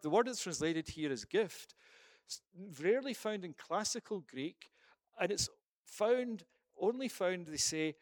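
A man's voice: on the high side, dry recording, studio quality. A man preaching a sermon and then leading a prayer, emphatic, with rhetorical questions and repeated phrases.

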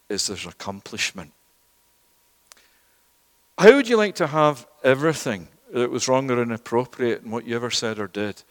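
A man's voice: medium pitch, in a large hall. A man preaching a sermon in a church, emphatic and repeating words for stress.

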